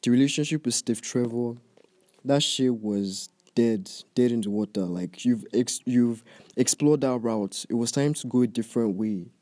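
A man's voice: mid-range voice, moderate pace, mellow, no echo, clean studio sound. Heated young Nigerian man ranting. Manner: profane, heated, talks straight at the listener. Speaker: movie reviewer. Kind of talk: ranting casual commentary.

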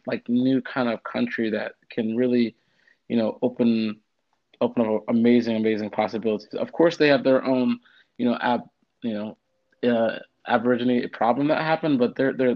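A man speaking haltingly in a casual chat, with many restarts and fillers. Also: mid-range voice, no echo. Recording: dull, dry lo-fi recording.

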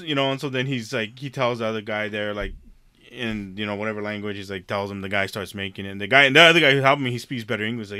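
A man's voice: on the low side, fairly even intonation, quick pace, pushed and bright, smooth, no room sound, clean studio sound. A man on a podcast telling a story in a casual chat, profane and laughing often. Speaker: podcast co-host.

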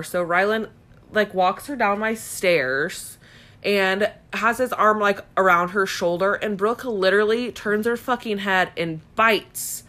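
A woman's voice: mid-range voice, measured pace, fairly bright tone. A woman co-hosting a podcast, telling a long story casually with blunt, frequent swearing. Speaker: podcast co-host. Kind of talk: casual chat.

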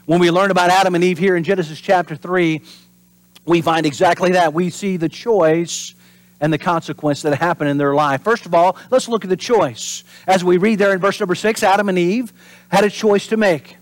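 A pastor delivering a sermon in an animated preaching manner. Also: male voice, sits high, normal speed, dry recording. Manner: animated preaching, acts out voices and drops to whispers for emphasis.

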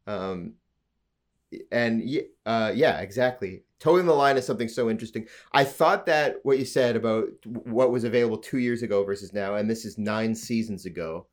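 A man from Alberta co-hosting a casual podcast chat about a TV show, talkative and quick to laugh. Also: lowish voice. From Canada, Alberta. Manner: chatty, laughs often, quick bursts. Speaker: podcast co-host.

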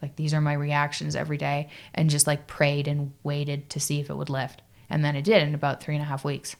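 A woman with a low voice speaks as a podcast guest. She tells her story casually, in a halting way, full of fillers and "like". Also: completely flat delivery, creaky. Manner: halting, filler-heavy, lots of "like".

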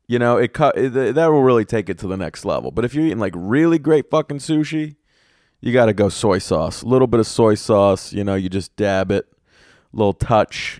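A man's voice: medium pitch, no echo, clean studio sound. A young man, a comedian, ranting alone on his podcast, swearing freely and putting on mocking voices as he tells stories. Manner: profane, animated storytelling with mocking voices. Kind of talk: casual solo rant.

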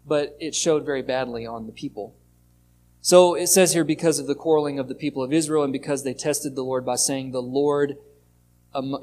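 A male pastor preaching in a relaxed, conversational way, his voice sitting a little high for a man. He reads scripture aloud, swings between loud and soft, and a faint hum runs underneath. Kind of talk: sermon.

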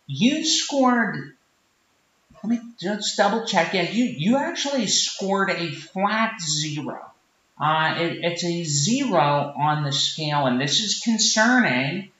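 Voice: medium pitch, expressive, slow, fairly bright tone, voice pushed down. A performer playing a smug, preachy podcast producer from Portland, in a roomy, dull lo-fi recording. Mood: patronizing. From Portland, Oregon. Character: condescending big-city podcast producer from Portland.

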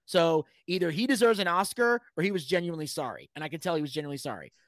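A man casually telling a story, animated, swearing freely and shouting out the lines he quotes. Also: fairly high pitch, rapid-fire, no echo. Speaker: podcast guest telling a story.

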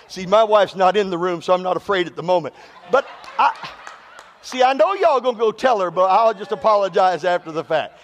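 High-voiced pastor preaching. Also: male voice, very animated, a little fast, big-room sound. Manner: call-and-response preaching with humorous storytelling. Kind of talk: sermon.

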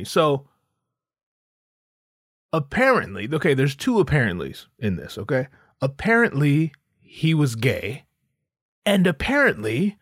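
A man's voice: high-pitched, a bit bright, no room sound, clean studio sound. A man hosting a podcast, riffing sarcastically and profanely in a casual comedic monologue. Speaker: podcast host.

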